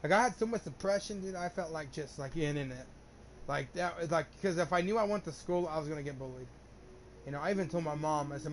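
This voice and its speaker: A man's voice: a little high, fairly quick, slight background noise. A young man telling a long personal story in casual chat, rambling and swearing often, with lots of restarts. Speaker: gamer streamer.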